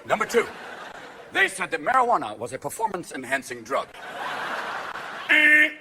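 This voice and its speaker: A man doing a stand-up routine on stage, manic and profane, jumping between quick character voices and shouted punchlines. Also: sits high, wildly swooping pitch. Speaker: stand-up comedian. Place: comedy stage before a live audience. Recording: live show with loud audience noise.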